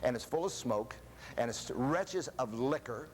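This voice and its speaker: A man's voice: medium pitch, unhurried, slight background noise. An older man giving a seminar talk, telling jokey stories and asking the audience questions. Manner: animated storyteller, jokey, asks the audience questions. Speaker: seminar speaker. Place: seminar room before an audience.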